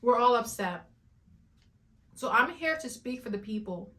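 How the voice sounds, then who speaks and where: A woman's voice: a little high, animated, a little slow. A woman with a slightly raised voice, talking as a video reviewer. She rants in a dramatic, emphatic way and hammers her points by saying them again and again. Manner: dramatic, emphatic, repeats herself for effect. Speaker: YouTube reviewer. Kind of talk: animated rant and review.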